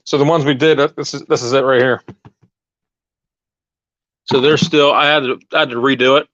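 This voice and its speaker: A man's voice: mid-range voice, steady tone, moderate pace, fairly bright tone. A man hosting a casual live chat outdoors while gardening, rambling and restarting as he talks straight to his viewers on a lapel mic. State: out of breath. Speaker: channel host. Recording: dull, dry lo-fi sound.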